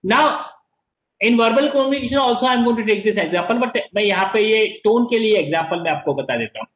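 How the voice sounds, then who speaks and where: Lively Indian English teacher, high voice. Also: male voice, racing, echoey room, rough recording. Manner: repeats words, stresses key words, mixes in Hindi. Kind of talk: online class lecture.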